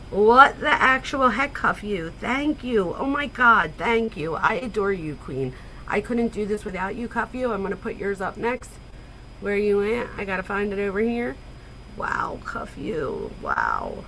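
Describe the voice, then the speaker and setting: A woman in her forties hosting a casual livestream, excitable and gushing, swearing freely as she chats with viewers. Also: medium pitch, normal speed, a little hiss or hum, rough recording. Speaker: livestream host.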